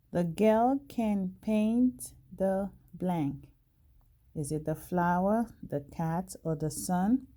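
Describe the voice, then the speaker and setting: Lady teacher going through a kids worksheet real slow, warm low voice. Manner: slow and deliberate, reading each sentence carefully. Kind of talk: reading a worksheet aloud to young children.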